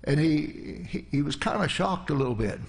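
A middle-aged preacher, telling a folksy, rambling story in a sermon. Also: male voice, fairly high pitch, animated, normal speed, creaky.

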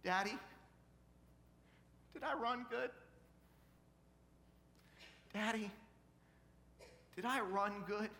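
A man's voice: very slow, vocal fry, long pauses, pushed and bright, heavily acted. A man voicing a little girl who is crying after losing a race. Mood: sobbing. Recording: reverberant hall, faint rumble.

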